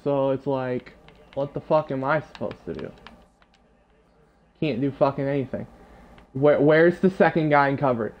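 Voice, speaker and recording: A man's voice: medium pitch, normal speed, pauses often, muffled recording, a little hiss or hum. A man ranting and swearing constantly while commentating his own football video game match. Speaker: gamer. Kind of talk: live gameplay commentary.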